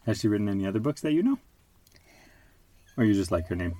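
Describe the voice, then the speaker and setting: Lively dad reading a bedtime story. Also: male voice, fairly low pitch, quick pace. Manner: animated, playful. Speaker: father and podcast host. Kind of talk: reading a picture book aloud to his child.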